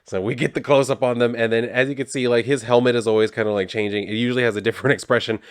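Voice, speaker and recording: A man's voice: mid-range voice, steady tone, racing, clean tone, dry recording, studio quality. A man casually recapping a comic book, laid-back and swearing freely.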